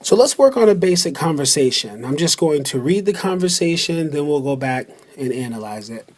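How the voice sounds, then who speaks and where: A man teaching a beginner language lesson over a slideshow, slow and deliberate, repeating words for the listener to practise. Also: a little high, lively intonation.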